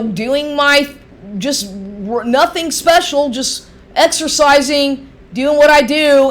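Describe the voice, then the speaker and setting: High-voiced woman in a profane rant. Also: fairly bright tone. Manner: profane, heated and sarcastic. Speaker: vlogger. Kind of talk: angry ranting monologue.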